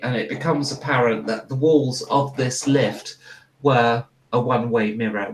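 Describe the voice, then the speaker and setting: A man narrating a tabletop role-playing game as game master, in a relaxed, hesitant way. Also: medium pitch, rough recording.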